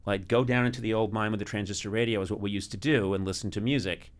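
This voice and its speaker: A middle-aged man telling funny stories in casual chat. He is animated, laughs often, and gets loud when he is excited. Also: fairly low pitch, quick pace. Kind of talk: comic storytelling chat.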